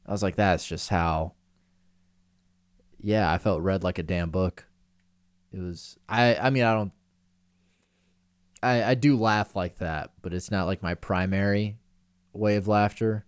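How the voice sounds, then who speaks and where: Low-voiced young man, casual rambling chat. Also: measured pace, long pauses, clear, resonant tone, no echo. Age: 20s. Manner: rambling storyteller, self-deprecating, giggly. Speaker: podcast co-host.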